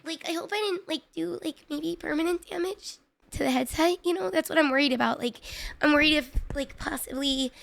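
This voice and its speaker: A woman's voice: high voice, a little fast, vocal fry, fairly bright tone. A woman streamer chatting casually to her viewers, rambling with lots of filler words and putting herself down, audibly frustrated. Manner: rambling, filler-heavy, self-deprecating. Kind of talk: casual live-stream chat.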